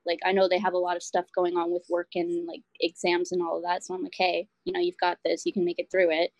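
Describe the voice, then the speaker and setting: A woman's voice: on the low side, completely flat delivery, quick pace, no echo. A young woman chatting casually as a podcast guest, upbeat and full of fillers like "like". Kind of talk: casual chat.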